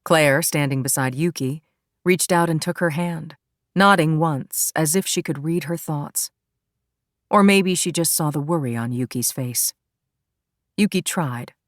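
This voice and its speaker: A woman narrator with a notably low voice, reading an audiobook in a calm, even way. Her voice is recorded close to the mic and sounds dry, with no room echo. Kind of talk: scripted narration.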